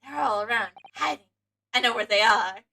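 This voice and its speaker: A woman voicing a paranoid, excitable young Japanese male scholar, theatrical and given to loud outbursts. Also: a little high, normal speed, gravelly, distant mic, slight background noise, pitched below the performer's own voice.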